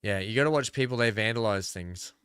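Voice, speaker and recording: An Australian man talks his way through a building game, trailing off and thinking aloud as he goes. His voice is bright and crisp, recorded close and dry with faint music underneath. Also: on the low side, brisk, no room sound. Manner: rambling, thinking aloud while playing. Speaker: gaming video creator. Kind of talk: casual gameplay commentary.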